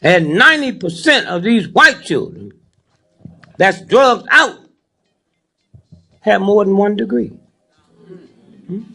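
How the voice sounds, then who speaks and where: Gravelly, high-voiced man in his eighties. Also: animated, takes it slowly, long pauses, sharp tone. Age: 80s. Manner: keeps prodding the crowd with "huh?" and "hmm?". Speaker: speaker addressing a live audience. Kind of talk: preachy comic talk with a live audience.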